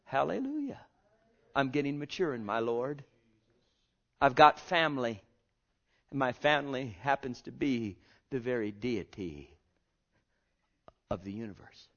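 A man preaching a sermon with passion, swinging from hushed, drawn-out words to loud cries. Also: medium pitch, highs cut off.

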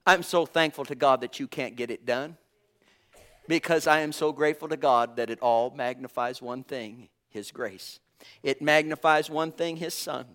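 A man with a mid-range voice gives a sermon full of emphatic, elongated phrasing. He moves back and forth between loud bursts and soft asides, chuckling every so often.

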